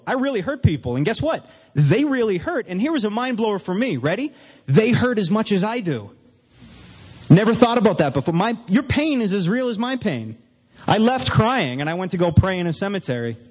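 A man's voice: a little high, a little mellow. Man telling his story in an echoing hall. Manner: confessional, acting out both sides of conversations. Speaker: speaker sharing a recovery story. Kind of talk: personal testimony storytelling.

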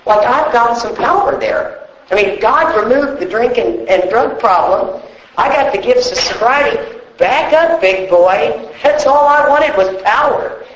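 A woman's voice: on the high side, expressive, unhurried. Woman giving a recovery talk, swears a lot, rambles, roomy echoey sound. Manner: blunt, profane, rambling storyteller. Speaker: recovery meeting speaker. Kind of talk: personal testimony talk. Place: room full of people. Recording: echoey room with faint noise.

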